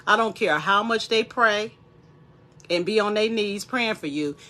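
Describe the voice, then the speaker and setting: Woman, 40s, bright tone, animated motivational vlogger. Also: medium pitch, unhurried. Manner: animated, preachy, speaks straight to viewers. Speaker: wellness vlogger. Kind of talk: casual motivational talk.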